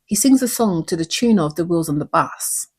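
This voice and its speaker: A woman's voice: on the low side, expressive, normal speed, a little mellow, husky. A woman hosting a recap show, talking in an earnest, reflective way and asking many questions. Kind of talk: recap commentary.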